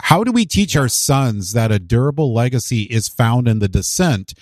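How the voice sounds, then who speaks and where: A man's voice: mid-range voice, big pitch swings, moderate pace, darkish tone, no room sound, studio quality. A man hosting a faith-based interview, asking reflective questions. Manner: reflective, asks thoughtful questions. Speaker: host.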